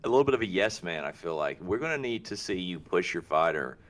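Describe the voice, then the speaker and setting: A young man co-hosting a casual chat, his pitch swinging widely as he talks. He mocks things and stays loose and animated. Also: quick pace. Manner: lively, mocking, pitch swings a lot. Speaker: podcast co-host.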